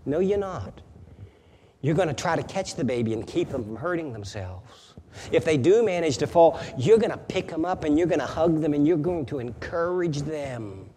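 A man preaching a sermon as a pastor, emphatic, building louder on repeated phrases. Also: fairly high pitch, expressive, normal speed, big-room sound, a little hiss or hum.

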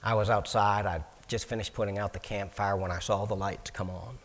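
In a brisk, steady tone, a man with a fairly low voice shares the story of his life in a folksy way. He repeats himself, starts over, and imitates the people he quotes, while his words ring out as if in a big hall with long reverb.

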